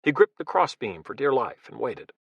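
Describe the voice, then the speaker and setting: A man narrating an action thriller audiobook in a measured, dramatic storytelling style, recorded on a close studio mic. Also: mid-range voice, very animated, creaky, fairly bright tone, breathy edge, no room sound, highs cut off.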